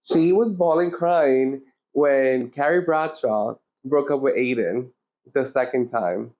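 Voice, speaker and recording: A woman's voice: rumbling low, slow. A woman co-hosting a podcast in casual chat, blunt and emphatic, swearing freely. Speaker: podcast co-host. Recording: slightly muffled lo-fi audio.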